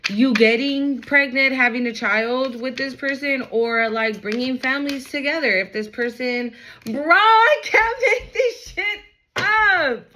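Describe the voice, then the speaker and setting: A woman's voice: fairly high pitch, bright, forceful tone, rough recording. A woman giving a casual tarot reading, talking straight to viewers in a blunt, hyped way and swearing freely. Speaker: tarot card reader.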